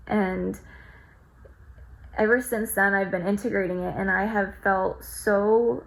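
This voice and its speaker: Woman vlogger, reflective heartfelt storytelling, creaky vocal fry, filler-heavy talk. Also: mid-range voice, steady tone, a little slow, poor audio. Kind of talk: personal storytelling to camera.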